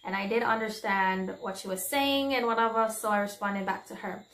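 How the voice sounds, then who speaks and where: A woman recounting a story in a casual vlog, candid and exclamatory, her voice pitched mid-range for a woman. The room around her adds a noticeable echo. She talks freely and chattily straight to her viewers. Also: moderate pace, a bit bright. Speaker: vlogger. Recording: roomy echo.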